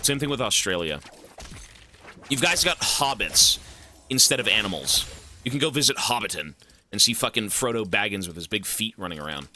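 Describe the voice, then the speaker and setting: A young man rambles casually to his stream chat mid-game, cursing freely and joking. His voice is strikingly bright and sharp, and his pitch swings widely up and down. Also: animated, normal speed, a little hiss or hum. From Canada.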